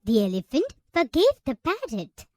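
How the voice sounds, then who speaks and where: A woman narrating moral stories for young children in a sing-song, expressive storytelling voice. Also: high-pitched, normal speed, no room sound, studio quality.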